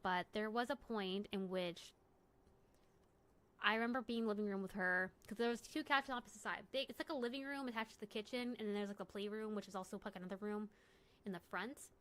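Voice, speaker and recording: Chatting while she plays on stream, a young woman rambles through a story, joking and frequently correcting herself. She talks briskly in a medium pitch with a fairly bright, smooth tone.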